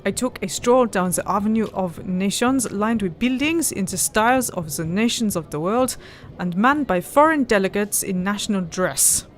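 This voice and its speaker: A woman's voice: mid-range voice, animated, normal speed. A woman hosting a let's play, reading the game's story text aloud and chatting, often breaking into laughter. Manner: giggly, breaks into laughter, tries silly voices. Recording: faint background noise.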